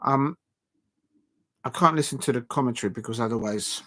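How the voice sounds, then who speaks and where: A man hosting a casual live stream, calling a snooker match in a chatty, rambling, self-deprecating way with lots of filler pauses. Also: medium pitch, a bit bright. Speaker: YouTube live-stream host.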